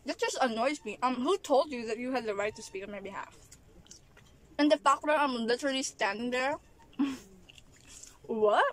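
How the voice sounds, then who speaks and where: An angled camera records a Filipino woman vlogging as she eats, ranting in exasperation with plenty of laughs while chewing between comments. She talks fairly quickly, with a fairly high pitch and a fairly bright tone.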